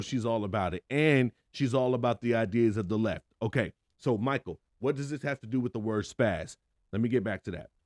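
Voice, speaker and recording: A man's voice: medium pitch, darkish tone, no room sound, clean studio sound. A man hosting a podcast, giving an opinionated solo monologue in an emphatic, conversational way, full of rhetorical questions. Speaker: podcast host.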